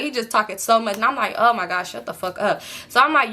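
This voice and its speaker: A young woman tells a long storytime to her viewers in loose, slangy chat. She talks fast and bright, and her fairly high voice leaps higher whenever she mimics someone. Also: a little hiss or hum. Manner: animated retelling, acts out quotes with pitch jumps; heavy slang and filler, fast rambling. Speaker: storytime vlogger. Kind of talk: casual storytelling.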